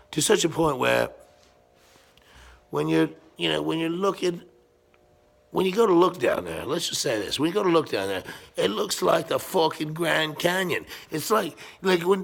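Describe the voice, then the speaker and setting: Vlogger in his fifties, low gravelly voice with a husky edge, crude and boastful, swings from loud to muttering. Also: big pitch swings, normal speed. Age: 50s. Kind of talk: casual vlog monologue. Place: walking around his home gym.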